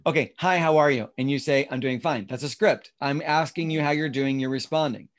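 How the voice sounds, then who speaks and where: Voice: mid-range voice, a little fast. An instructor teaching an online class over a video call, explaining step by step and acting out sample lines. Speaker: real estate class instructor.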